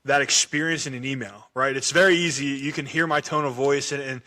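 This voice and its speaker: A man's voice: mid-range voice, steady tone, fairly quick, bright, forceful tone. A man hosting a podcast interview in a casual, chatty way, often repeating words as he thinks. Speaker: podcast host.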